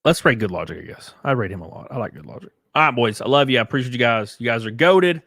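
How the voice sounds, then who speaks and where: This gravelly, medium-pitched Southern US voice talks fast with lively intonation, in a dry, slightly bright studio-quality recording. He's hosting a casual live stream, rambling and joking as he reads viewer messages and thanks them.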